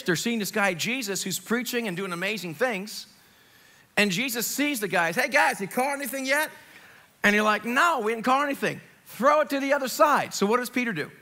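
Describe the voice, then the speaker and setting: A man from Long Island preaching an Easter sermon in a church, animated and conversational, with jokes and asides, swinging from loud to hushed. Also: high voice. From Long Island, New York. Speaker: pastor. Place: church sanctuary, live service.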